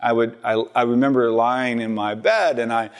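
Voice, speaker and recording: A man, a church rector giving a storytelling sermon, acting out the quoted voices with a lifted pitch. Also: fairly even intonation, moderate pace. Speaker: rector and preacher. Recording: church hall with long reverb.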